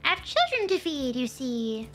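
A woman's voice: high voice, very animated, moderate pace, a bit bright, soft background music. A woman streamer chatting animatedly while playing a game, telling stories as she goes. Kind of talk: casual gameplay chat.

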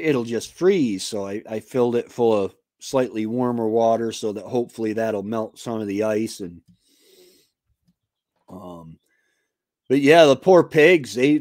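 A man hosting a homesteading livestream, chatting casually and haltingly with many fillers and restarts, and poking fun at himself. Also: medium pitch, a little mellow, no room sound, studio quality. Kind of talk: casual rambling chat.

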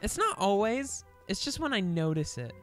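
A woman's voice: mid-range voice, sing-song, moderate pace. A young woman co-hosting a video game let's play, chatting casually and playfully and often giggling. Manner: playful, giggly, reads game text aloud. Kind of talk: casual gaming chat. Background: game music.

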